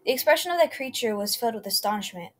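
Woman narrator, slightly high voice, reads a horror story with stumbles and restarts. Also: animated, very fast, slight background noise. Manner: reads unevenly, with slips and self-corrections. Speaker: channel host reading creepy stories.

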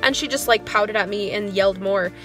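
This elementary school music teacher, a woman in her twenties, talks a little fast in a slightly bright, mid-range voice, with faint music behind her. Venting in a casual vlog, she tells a rambling story packed with "like," and she seems dejected, with little motivation.

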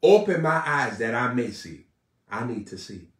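A man preaching a live sermon in a fiery, repetitive style, building to shouts. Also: mid-range voice, big pitch swings, moderate pace, echoey room, recorded from a distance.

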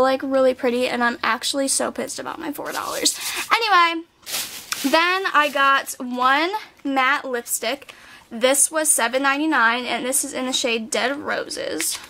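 A woman's voice: sits high, fairly bright tone. A nineteen-year-old woman chatting casually in a haul video, bubbly and full of "like" fillers. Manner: bubbly, chatty, says "like" a lot. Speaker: beauty vlogger. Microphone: camera mic.

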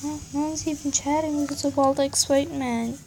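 High-voiced young woman ranting over a game. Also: steady tone, fairly quick, gravelly, darkish tone, slight background noise. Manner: annoyed, ranting, muttering asides. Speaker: gaming channel host. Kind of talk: casual game commentary.

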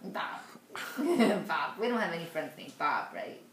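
A young woman patiently coaxing a toddler to say names, repeating them slowly and laughing softly. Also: on the low side, big pitch swings, a little hiss or hum. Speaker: parent coaching a toddler to say names. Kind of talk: home video, coaxing a child. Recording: echoey room.

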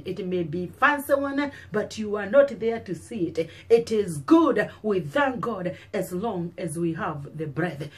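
A woman pastor with a Kenyan accent, preaching an earnest sermon with repeated exhortations. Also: mid-range voice.

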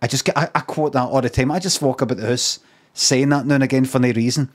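A man's voice: mid-range voice, fairly even intonation, fast. A Scottish man telling a rambling, sweary anecdote on a live stream. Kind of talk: casual storytelling on a live stream.

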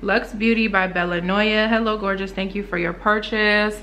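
Bright, excitable young woman. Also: normal speed, slight background noise. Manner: gasping, exclaiming, swooping up high when thrilled. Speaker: beauty vlogger unboxing small-business packages. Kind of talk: excited casual unboxing vlog.

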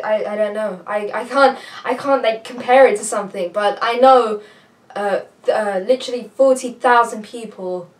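A young woman vlogging at home, chatting to a camera on a tripod in a rambling, excitable way, a little out of breath. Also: on the high side. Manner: rambling, restarts often, excitable. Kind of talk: casual chat to camera. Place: home room with a computer. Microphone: camera on a tripod, some distance off. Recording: voice a bit far from the mic.

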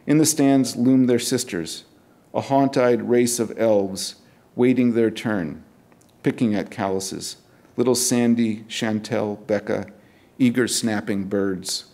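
At a university event, a middle-aged poet reads his poems aloud in a measured, deliberate way, adding casual remarks between them. His voice is fairly low and dark in tone, with fairly even intonation.

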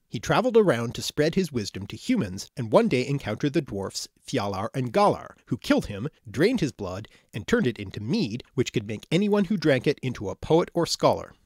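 A man reading a scripted educational narration, explaining things clearly with the odd dry, wry aside. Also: mid-range voice, sing-song, moderate pace, no room sound.

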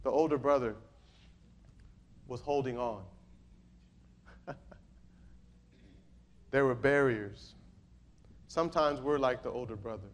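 A man's voice: medium pitch, slow pace, pauses often. A male pastor preaching a sermon, reading scripture aloud and calling out questions to his congregation. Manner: reads scripture aloud in King James wording.

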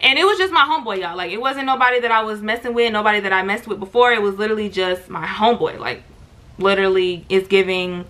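A young woman vlogger telling a storytime in an animated, slangy way, talking straight to her viewers. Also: mid-range voice, fast talker. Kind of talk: storytime vlog.

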